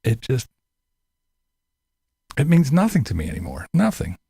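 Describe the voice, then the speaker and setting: Give me a man with an average-pitched voice, laughing his way through casual crude commentary, recorded dry. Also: wildly swooping pitch, unhurried, creaky, dark tone, husky, no echo. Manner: laughs through most sentences, profane, mocking. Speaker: livestream host answering chat.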